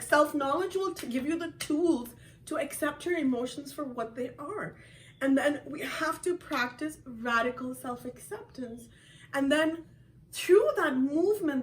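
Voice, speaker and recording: A woman's voice: sits high, distant mic, rough recording. A woman author hosting a motivational live video from her home, talking earnestly and openly about her own feelings, with frequent laughs. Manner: earnest, self-disclosing, laughs often. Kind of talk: motivational live-stream talk.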